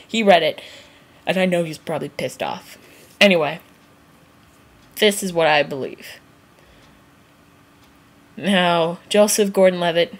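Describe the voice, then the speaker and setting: A woman vlogger ranting casually and comically to camera, rambling, laughing at herself and swearing freely. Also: medium pitch. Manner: rambling, giggly, swears freely, acts out quotes. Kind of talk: casual comedic rant to camera.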